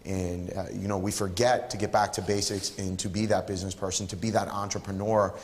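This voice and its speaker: A man with a fairly low voice leads a live photography workshop in a studio. His delivery is emphatic and encouraging, with a playful streak, and a long reverb trails his words. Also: flat delivery, brisk.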